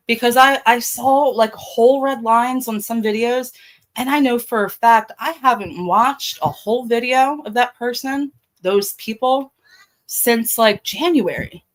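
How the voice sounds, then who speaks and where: A woman's voice: fairly high pitch, a little slow, rough recording. A middle-aged woman with a Baltimore accent hosting a casual livestream, blunt and profane, talking straight to her chat. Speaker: livestream host.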